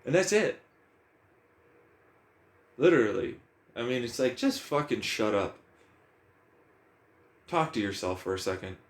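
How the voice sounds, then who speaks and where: A man's voice: lowish voice, expressive, normal speed, pauses often. A man talking bluntly about emotions in a casual, profane monologue, firing questions at himself.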